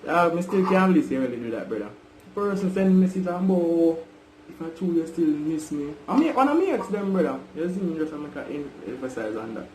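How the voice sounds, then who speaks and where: A young Jamaican man confronts his brother over a call, pushing the same point again and again. His voice sits a little high. The room is echoey with a faint hum behind him. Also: very animated, quick pace, a little mellow. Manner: repetitive, pressing, keeps calling him brother. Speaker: vlogger.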